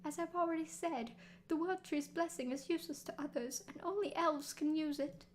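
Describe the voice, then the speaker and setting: A woman voicing a sly young male elf from a game, reading his lines slowly and coaxingly. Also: high voice, pitched above the performer's own voice, natural voice. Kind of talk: reading game dialogue aloud.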